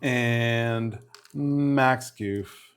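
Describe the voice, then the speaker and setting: A middle-aged man casually chatting on a livestream while opening trading cards, relaxed and rambling, often breaking off mid-sentence. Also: medium pitch, drawn-out words, clear, resonant tone.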